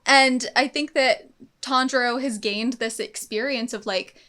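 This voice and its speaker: A woman's voice: fairly high pitch, fairly even intonation, a little slow, pushed and bright. A young woman co-hosting an anime reaction show, talking casually and enthusiastically, thinking aloud with fillers. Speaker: co-host of an anime reaction channel. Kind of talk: casual discussion.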